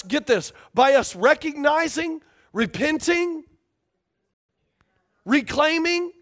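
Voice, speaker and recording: A male pastor delivering a sermon in a very high voice that rises and falls with animation. He hammers his points home by repeating phrases and keeps asking the congregation if they follow. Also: a bit bright. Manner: emphatic, repeats key phrases, checks in with the congregation.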